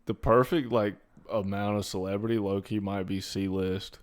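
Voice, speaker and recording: A man's voice: lowish voice, fairly even intonation, moderate pace. Young man, podcast co-host, casual chat, slangy, profane. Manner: laid-back, profane, slangy.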